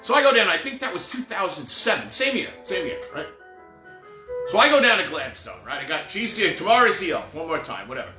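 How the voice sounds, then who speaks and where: Animated storytelling man, high and lively. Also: brisk. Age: middle-aged. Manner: rambling, animated, full of asides like "right?" and "whatever". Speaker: professional Santa performer telling stories. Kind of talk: casual storytelling monologue. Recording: roomy echo with faint music behind.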